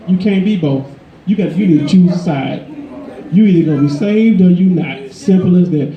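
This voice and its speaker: A man preaching a sermon in a conversational, emphatic way, his voice climbing higher when he drives a point home. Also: normal speed, roomy sound, dull audio. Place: church.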